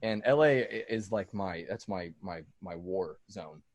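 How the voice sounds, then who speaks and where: Low and unhurried, this man's voice comes through with no room sound. As a music producer being interviewed on a laid-back podcast, he rambles through stories, cursing freely and dropping "like" and "dude" constantly.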